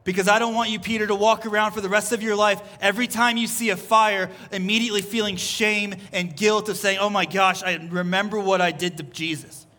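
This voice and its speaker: Pastor guy preaching, high bright voice, earnest, keeps repeating himself. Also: steady tone, brisk, few pauses. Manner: earnest, repeats phrases, voices Jesus in quotes. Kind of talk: sermon. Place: church service.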